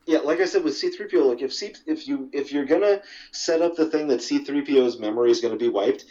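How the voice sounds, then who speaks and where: A man's voice: medium pitch, fast, mellow. Rambling, swearing man on a lo-fi podcast. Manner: profane, rambling, laughs often. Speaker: podcast host. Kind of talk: casual movie chat.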